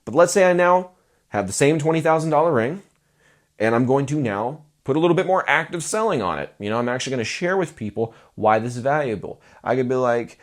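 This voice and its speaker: A man giving casual talking-head advice to musicians as a music business coach, playful and animated, acting out mock sales pitches. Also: brisk.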